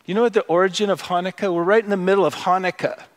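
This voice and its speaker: A middle-aged man preaching to a church congregation in an easy, conversational way, weaving personal stories into his teaching. His voice sits high for a man, and he throws rhetorical questions out to the room as he goes. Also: fairly even intonation, rapid-fire. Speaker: pastor. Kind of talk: sermon. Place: church worship service.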